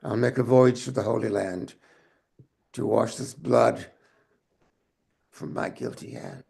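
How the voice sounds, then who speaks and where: A man's voice: medium pitch, slow, vocal fry, darkish tone, husky. A man on a video call reading a speech in an amateur online play reading, with the hiccups. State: has the hiccups. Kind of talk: Shakespeare reading, then casual chat.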